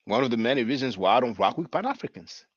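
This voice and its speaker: A man's voice: mid-range voice, lively intonation, fast talker, husky, no room sound, lo-fi sound. A man giving chatty, mocking commentary on video clips, with many fillers.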